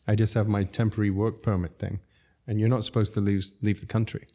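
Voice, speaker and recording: This middle-aged man, a restaurateur appearing as a podcast guest, talks fast in a lowish voice. He tells casual stories and laughs his way through each lively anecdote.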